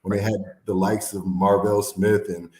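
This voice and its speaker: A man from the American Midwest telling a story in an interview, animated and laughing often as he acts out quotes. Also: fairly low pitch, normal speed, a little hiss or hum. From Fort Wayne, Indiana. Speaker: former NFL player, guest. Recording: echoey room.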